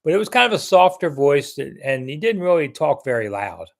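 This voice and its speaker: A man's voice: on the high side, big pitch swings, a little fast, creaky. An older man hosting a casual live sports chat, blunt and chatty as he reads viewer comments and answers them.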